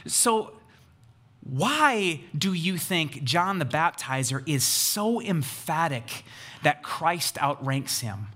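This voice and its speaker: A man's voice: a little high, big pitch swings, slow pace, bright, forceful tone. A man preaching a sermon as a pastor, talking emphatically, building in intensity and putting questions to his listeners.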